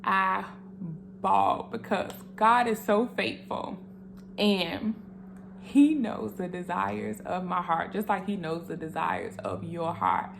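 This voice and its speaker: A woman's voice: fairly low pitch, slow, vocal fry, slight background noise. Earnest young woman sharing a testimony. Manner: earnest and animated, speaks straight to viewers, emotional. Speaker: vlogger sharing her faith testimony. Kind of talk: casual testimony to camera.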